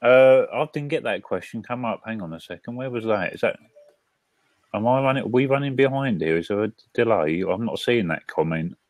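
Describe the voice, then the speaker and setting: A man with a British accent hosting a casual live-stream chat from his front room, talking in a halting way with restarts and fillers. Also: lowish voice, lively intonation, no echo. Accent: British English. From Britain. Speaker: host.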